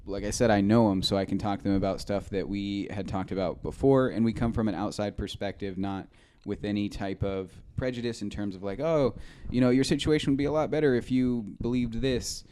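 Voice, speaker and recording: A man's voice: on the low side, a little fast, hardly any pauses, a little mellow, a little hiss or hum. A man in casual podcast chat, earnestly explaining his volunteer work at length. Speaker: guest.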